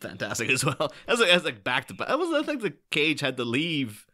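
A man co-hosting a casual podcast, enthusiastic and quick to laugh, often restarting his sentences. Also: a little high, huge pitch swings, pushed and bright.

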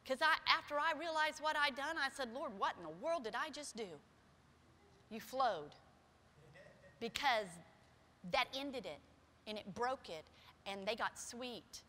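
A middle-aged woman pastor preaching a sermon with personal stories in a church, shifting from soft, quiet passages to loud, emphatic ones. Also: high-pitched, animated, a little slow, pauses often, a little hiss or hum. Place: church sanctuary. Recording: long hall reverb.

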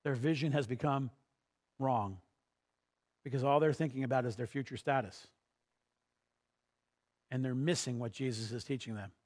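A man's voice: medium pitch, normal speed, long pauses, a little mellow. A male pastor preaching a sermon, retelling a story and building to emphatic peaks.

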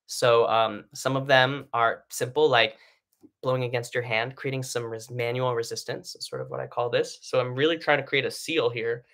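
A male singing teacher walks through breathing exercises in a laid-back lesson, explaining casually with lots of fillers and frequent "right?" check-ins. His voice sits at an ordinary middle pitch with a bright, forward tone, and he speaks at a moderate pace. It sounds like a live stream setup.

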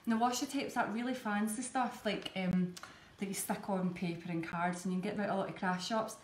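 A woman's voice: mid-range voice, steady tone, fairly quick, slight background noise. A woman with a Scottish accent, chatting her way step by step through a live cake-decorating demonstration. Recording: echoey room, faint background ambience.

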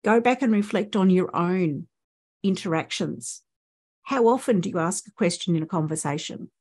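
A woman's voice: fairly low pitch, normal speed, darkish tone. A woman with an Australian accent, a speech pathologist giving a conference presentation and explaining points with rhetorical questions to the audience.

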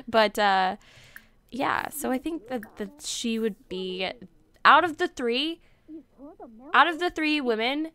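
A woman's voice: sits high, very animated, slow, long pauses, sharp tone. A woman giving casual, joking gameplay commentary, sarcastic and giggly, with the odd swear. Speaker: let's play host.

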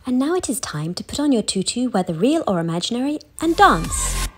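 A woman's voice: a little high, big pitch swings, fairly quick. A woman doing a bubbly sing-song show announcer. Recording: music playing behind.

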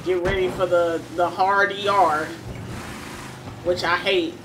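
A woman's voice: on the low side, little pitch movement, takes it slowly, background noise. Give me a chatty young woman with a Cleveland accent talking over a video game. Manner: chatty and rambling, talking straight to viewers. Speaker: gaming YouTuber. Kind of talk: casual gameplay commentary. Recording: voice over loud game sounds.

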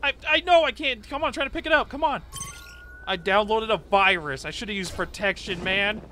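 A man giving excitable gameplay commentary, yelping, taunting and repeating phrases as he plays. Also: sits high, moderate pace, a little hiss or hum. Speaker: gaming YouTuber. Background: game music.

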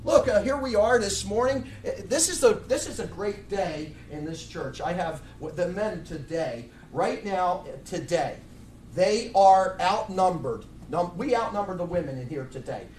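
A man's voice: high voice, expressive, normal speed, a little mellow, a little hiss or hum. A middle-aged man preaching a blunt, fiery sermon with many restarts. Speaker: pastor. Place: church sanctuary. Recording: echoey room, mic far off.

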